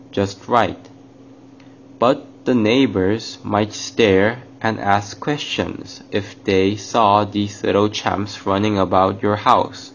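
A man reading a storybook, voicing a kind, mysterious gray-cloaked old man in a soft, gentle manner. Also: on the low side, vocal fry. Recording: dull lo-fi, faint hiss.

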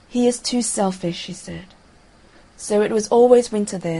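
A woman reads a classic fairy tale aloud in a calm, measured way. Her voice sits a little low, with a gravelly fry and a husky, breathy grain. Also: poor audio. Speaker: narrator. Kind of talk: audiobook reading of a fairy tale.

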